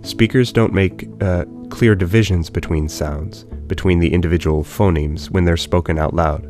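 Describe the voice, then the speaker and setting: A man narrating a language lesson in a calm, measured, explanatory way. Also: sits low. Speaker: language teacher. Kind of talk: scripted educational narration. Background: guitar music.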